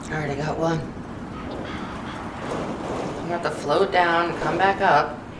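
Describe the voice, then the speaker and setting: Woman gamer doing let's play commentary, talking to herself, swearing freely, recorded far from the mic over loud noise. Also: low voice, fairly even intonation, a little slow. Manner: talks to herself, frustrated, swears often. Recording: echoey, distant mic, loud background noise.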